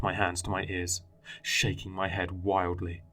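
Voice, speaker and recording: A man with a very deep voice reads a horror story aloud in a grave, dramatic style. Faint music runs underneath the narration. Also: completely flat delivery, measured pace, fairly bright tone.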